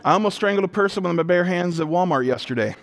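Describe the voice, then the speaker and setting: A man preaching a sermon as a pastor, animated and emphatic, moving between loud declarations, quiet intensity and humorous storytelling. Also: high voice, fast talker. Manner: conversational storytelling with self-deprecating humor.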